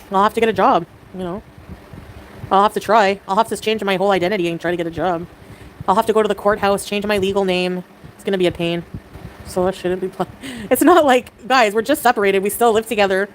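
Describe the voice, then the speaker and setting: A woman chatting casually on a livestream, excitable and giggly, with quick swings in mood. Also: mid-range voice, a little hiss or hum, poor audio.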